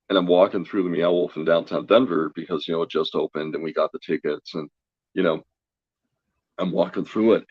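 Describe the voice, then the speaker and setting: A man telling a story as a guest in a casual chat, energetic and chatty, laughing often. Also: low voice, slightly rough, dry recording, dull audio. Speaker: guest, tarot reader.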